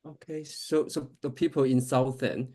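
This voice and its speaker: Halting male student, dark mellow voice. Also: mid-range voice, little pitch movement. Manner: halting, searching for words. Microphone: video call.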